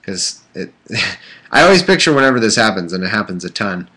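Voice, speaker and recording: A man's voice: fairly low pitch, sing-song, fairly quick, sharp tone, slightly rough. A man reading the Bible aloud on a casual livestream, breaking off into irreverent jokes and rambling asides full of fillers. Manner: irreverent, joking asides between scripture passages; rambling with many fillers and restarts.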